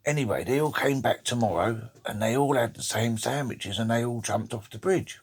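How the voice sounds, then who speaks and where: A man's voice: mid-range voice, moderate pace, slightly rough. A man casually telling jokes to a friend, rambling and swearing. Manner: rambling, laughs at his own jokes, swears. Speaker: joke teller.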